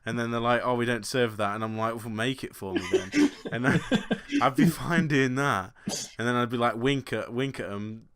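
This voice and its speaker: A man's voice: medium pitch, big pitch swings, moderate pace, hardly any pauses, a bit bright, slight background noise. A young British man co-hosting a casual podcast. He tells stories about his own awkward moments in a rambling way and laughs at himself often. He keeps the tone loose and chatty. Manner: rambling, self-deprecating storytelling with frequent laughs. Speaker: podcast co-host. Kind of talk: casual chat.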